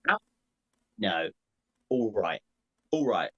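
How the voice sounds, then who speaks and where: A man's voice: fairly low pitch, very animated, takes it slowly, bright, forceful tone, muffled recording. A man co-hosting a casual football podcast, arguing playfully and laughing often. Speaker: podcast co-host. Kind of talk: casual chat.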